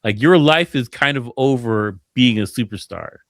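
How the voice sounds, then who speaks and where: A man's voice: medium pitch, animated, normal speed, no room sound, studio quality. A man who is a DJ and producer, chatting casually on a podcast, laughing often and acting out his own past thoughts as quotes.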